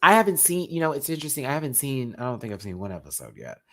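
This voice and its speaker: A man closes out his live stream while feeling unwell and a bit out of breath. He talks affectionately and preachily to his viewers, calling them baby and y'all, in a mid-pitched voice. His delivery stays casual and heartfelt throughout. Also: huge pitch swings, very fast. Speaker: drag show reviewer and live stream host.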